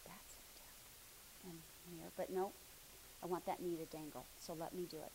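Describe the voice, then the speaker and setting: A woman's voice: fairly low pitch, fairly even intonation, fairly quick, background noise. A woman instructing a movement class hands-on, coaxing and encouraging, often dropping to a near murmur as she moves around the room.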